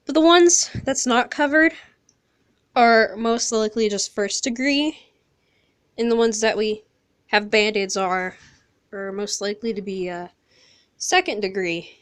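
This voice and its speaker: A woman's voice: mid-range voice, a little slow, long pauses. A young woman vlogging casually at home, shaken and teary, rambling with nervous laughs. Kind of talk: casual home vlog chat.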